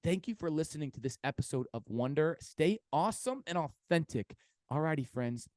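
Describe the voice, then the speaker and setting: A man hosting his own podcast, talking casually and rambling with many fillers, swearing and bursting into excited pep talk. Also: on the high side, brisk, no room sound, studio quality. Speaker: podcast host.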